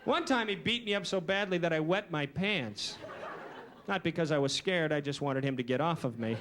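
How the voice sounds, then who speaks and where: A man doing a stand-up comedy routine with a dry, deadpan, self-deprecating delivery. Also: on the high side, moderate pace. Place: comedy stage before a live audience. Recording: noisy early 1990s VHS recording.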